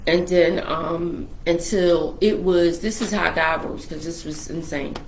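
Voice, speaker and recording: A woman's voice: fairly low pitch, measured pace, a little hiss or hum. Echoey-voiced woman telling a family story. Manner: animated, acts out quoted family members; swears freely, informal speech. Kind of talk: casual storytelling.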